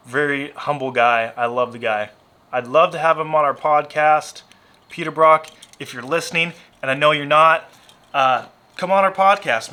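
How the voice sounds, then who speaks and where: A slightly high, sharp-toned voice comes from a married man with a Southern US accent. He casually rambles about his diecast car collection, making self-deprecating jokes and veering into tangents.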